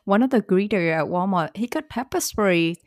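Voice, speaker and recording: A woman's voice: medium pitch, animated, moderate pace, no echo, clean studio sound. A woman pharmacist chatting casually, hesitant and full of fillers. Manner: hesitant, lots of fillers, laughs easily. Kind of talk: casual podcast chat.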